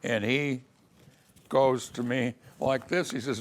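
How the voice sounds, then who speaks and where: A man's voice: mid-range voice, fairly even intonation, takes it slowly. An older man recalling his early years as a lawyer in a casual, storytelling way. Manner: storytelling, acts out quoted voices. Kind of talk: casual spoken memoir.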